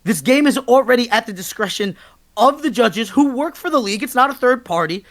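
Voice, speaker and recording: Man, sports podcast co-host, heated emphatic rant, swears, near-shouting bursts. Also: extremely high pitch, expressive, fairly quick.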